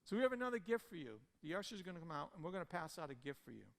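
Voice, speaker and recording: Impassioned pastor with a gravelly voice. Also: male voice, fairly high pitch, very animated, very fast. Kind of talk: sermon. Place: church sanctuary. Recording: church hall reverb with soft guitar.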